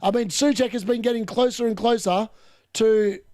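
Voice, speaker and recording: An excitable man giving live football commentary and reaction, shouting at missed chances and mocking the players. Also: sits high, normal speed. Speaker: watchalong streamer.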